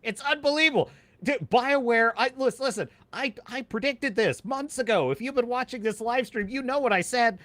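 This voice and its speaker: A man's voice: very high voice, normal speed, sharp tone, no echo. A man hosting a live stream, ranting animatedly and laughing as he reads out chat messages.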